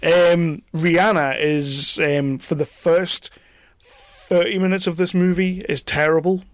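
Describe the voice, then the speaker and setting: A man's voice: a little high, steady tone, unhurried, no echo. A man hosting a podcast, giving opinionated casual film reviews and often repeating words as he starts a sentence. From Britain. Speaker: podcast host.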